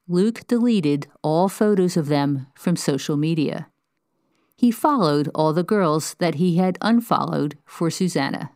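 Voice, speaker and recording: Low-voiced woman narrating in a dry, close sound. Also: no echo. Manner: even, measured storytelling. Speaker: host narrator. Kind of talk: scripted narration.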